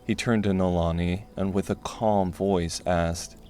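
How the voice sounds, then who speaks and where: A man narrating a dark fantasy audiobook in a steady, measured way. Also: low-pitched, a little hiss or hum.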